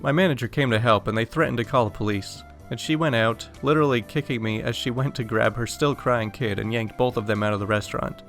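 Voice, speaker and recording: Young male narrator, mid-pitched, casual read-aloud story, faint music underneath. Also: fast, few pauses, a bit bright. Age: young adult. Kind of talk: reading an online story aloud.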